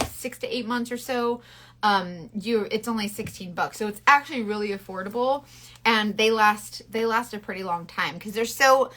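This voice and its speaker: A woman with a slightly high, bright, forceful voice sells makeup during a casual live tutorial on her phone, with slight background noise. Working as a makeup consultant, she chats playfully and answers viewers throughout.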